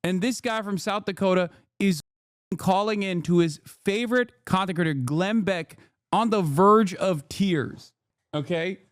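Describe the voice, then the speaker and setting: A man streaming reaction commentary, animated and mocking, swearing and laughing often. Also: high voice, a little slow, clear, resonant tone, dry recording, studio quality.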